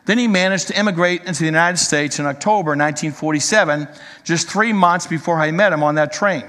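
A man preaching a sermon, telling a long story in an earnest, measured way before turning to the congregation. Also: fairly high pitch, bright, forceful tone, in a large hall.

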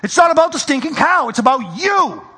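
A preacher acting out an urgent, high-pitched prophet. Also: male voice, big pitch swings, fairly quick, bright, forceful tone, exaggerated voice. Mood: pleading. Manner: urgent and insistent. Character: earnest male prophet pleading with listeners. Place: church.

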